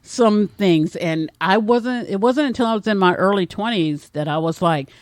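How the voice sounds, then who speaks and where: A woman from Texas co-hosting a podcast, telling stories in a relaxed, wry way. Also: medium pitch, normal speed, no echo, studio quality. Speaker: podcast co-host. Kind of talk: casual chat.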